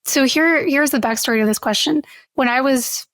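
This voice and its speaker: A woman with a slightly high voice co-hosts a podcast in relaxed conversation. She asks curious questions and laughs easily. The sound is dry and close to the mic. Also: normal speed, no room sound. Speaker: podcast co-host. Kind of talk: casual chat.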